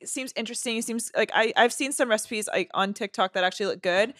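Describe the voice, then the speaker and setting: A woman's voice: fairly high pitch, fast, a bit bright, no echo, clean studio sound. A woman co-hosting a casual chat, profane and ranting, laughing often between jokes. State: sweating from laughing. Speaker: podcast co-host.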